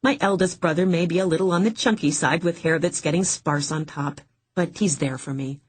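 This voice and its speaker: Husky, low-voiced woman narrator. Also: brisk. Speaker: audiobook narrator. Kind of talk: first-person audiobook narration.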